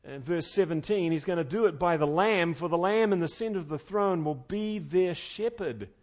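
A man preaching an expository sermon, earnest and conversational, swinging between loud fervent emphasis and quiet intimate tones. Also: sits high, moderate pace. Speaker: pastor.

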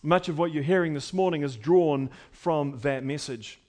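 A man's voice: fairly high pitch, normal speed, a little mellow. A middle-aged man preaching a sermon as pastor, emphatic and building with repeated phrases.

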